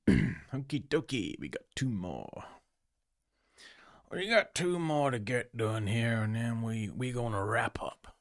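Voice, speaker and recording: A man putting on a gruff cowboy outlaw with a Texas drawl and a slow, lazy delivery. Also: mid-range voice, animated, no echo, studio quality. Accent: put-on Texas drawl.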